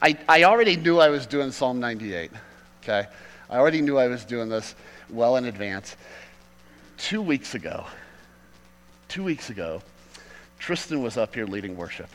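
A man preaching a sermon as pastor, swinging from loud emphatic peaks to quiet asides. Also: mid-range voice, big pitch swings, moderate pace, pauses often, in a large hall, rough recording.

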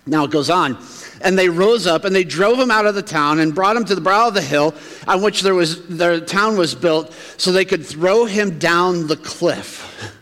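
A man preaching a relaxed, conversational sermon in a church sanctuary. His voice sits a little high for a man, and it carries a long reverb through the large hall. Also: moderate pace. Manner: conversational, acts out townsfolk's reactions. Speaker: pastor.

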